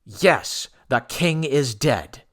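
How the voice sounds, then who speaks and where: A man voicing a bold, commanding young man who claims a throne, speaking forcefully in an audiobook reading. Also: medium pitch, animated, extremely slow, exaggerated voice. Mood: solemn address. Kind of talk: audiobook character voice.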